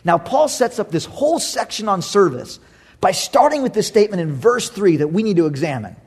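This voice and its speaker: A man preaching a sermon, telling a personal story in an animated way, swinging between loud exclamations and hushed asides, laughing often. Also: sits high, brisk, breathy edge. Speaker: pastor.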